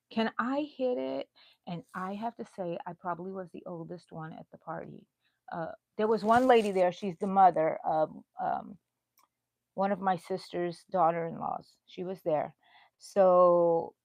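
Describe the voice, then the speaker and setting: A woman's voice: mid-range voice, dry recording, muffled recording. Chatty woman in her sixties. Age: 60s. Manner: chatty and rambling, talks to viewers and her dog. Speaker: crochet channel host. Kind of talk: casual livestream chat. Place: bedroom at home.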